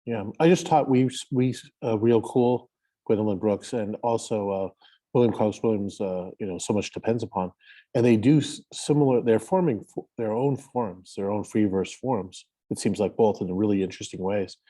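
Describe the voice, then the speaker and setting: A man in casual discussion on a video call, talking in a hesitant, halting way with many fillers. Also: on the low side, mellow. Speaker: roundtable participant.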